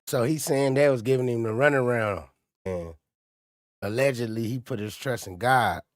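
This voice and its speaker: A man's voice: mid-range voice, normal speed, dry recording. Man hosting a casual reaction livestream. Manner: conversational, addresses chat directly. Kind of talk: casual live-stream commentary.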